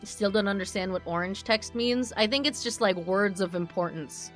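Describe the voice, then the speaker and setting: A woman's voice: mid-range voice, moderate pace, soft background music. A young woman from New Jersey casually joking and commenting as she streams a game. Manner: joking, irreverent, swears. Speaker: vtuber streamer.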